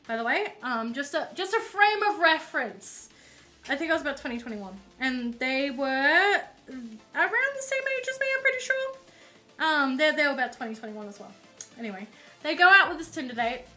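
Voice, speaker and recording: Chatty high-voiced woman streamer. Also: expressive, normal speed, sharp tone, faint music behind. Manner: chatty, rambling storyteller with many fillers. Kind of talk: casual storytelling on a live stream. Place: indoors at home while painting.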